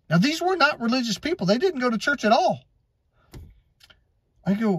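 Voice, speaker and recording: A middle-aged man from Wisconsin telling personal stories as a life coach, animated and acting out quoted voices. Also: quick pace, husky, no echo. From Wisconsin, USA. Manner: animated, swings between high and low pitch, acts out quotes. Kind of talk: personal storytelling monologue.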